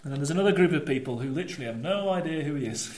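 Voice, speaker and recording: Animated high-voiced male preacher in echoey church. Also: very fast. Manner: animated, swings between lively storytelling and low emphatic asides. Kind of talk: sermon.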